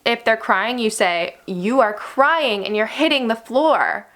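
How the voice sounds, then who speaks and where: A young adult woman, an early childhood educator, gently giving parents advice on helping young children through stress. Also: on the high side, lively intonation, a little slow. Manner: gentle, instructive, uses "therefore" often.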